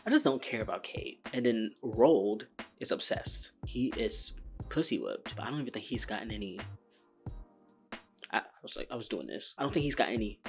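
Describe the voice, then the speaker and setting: A man's voice: fairly low pitch, very animated, normal speed, faint music behind. A man giving casual reaction commentary on a TV show, chatty, blunt and joking. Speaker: reaction video host.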